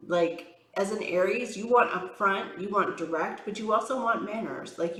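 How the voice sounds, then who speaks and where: A woman's voice: mid-range voice, a bit bright, reverberant, rough recording. A woman tarot reader chatting casually on a vlog, rambling with lots of fillers, frank and exasperated as she talks. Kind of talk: casual chatty vlog while doing makeup.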